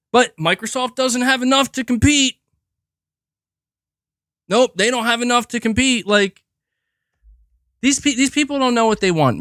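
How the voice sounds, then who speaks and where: Profane ranting man, lively high voice. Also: clear, resonant tone, no echo, studio quality. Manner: profane, exasperated ranting with many repeats. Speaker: gaming commentary streamer. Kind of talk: ranting livestream commentary.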